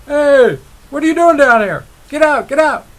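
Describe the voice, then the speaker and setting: A man voicing a crowd of scornful frogs in a story, shouting in a high squeaky voice. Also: expressive, moderate pace. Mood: alarmed.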